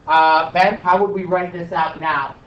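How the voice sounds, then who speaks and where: A man's voice: on the high side, steady tone, measured pace. A male math teacher questioning and coaxing his students through a problem in class. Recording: echoey classroom from far off, dull, light noise.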